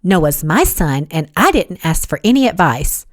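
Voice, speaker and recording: A woman voicing a stern young mother who talks slowly and firmly in an audiobook. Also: low voice, sing-song, a little mellow, no echo, clean studio sound. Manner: slow, clipped, firm. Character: stern, sharp young mother, cold temper.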